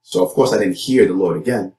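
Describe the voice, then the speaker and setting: A young adult man and youth pastor giving a personal testimony talk, earnest, with many fillers and repeated words, jumping higher when he acts out his own quoted lines. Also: quick pace, dark tone, reverberant.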